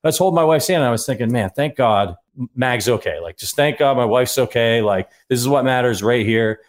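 Man, podcast host, casual chat, earnest, rambling, middle pitch. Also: fairly quick.

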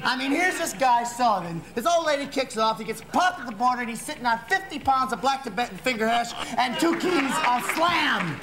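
An actor playing a loud, abrasive middle-aged barroom comic who rants and laughs at his own jokes in a comedy sketch. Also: extremely high pitch, lively intonation, a little fast, hardly any pauses, a little hiss or hum, exaggerated voice. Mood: ranting. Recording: old broadcast clip, roomy with studio audience.

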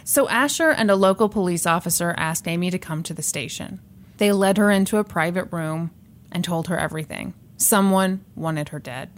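A woman's voice: lowish voice, normal speed. A woman hosting a podcast, casually telling a true crime story, laughing often and swearing now and then.

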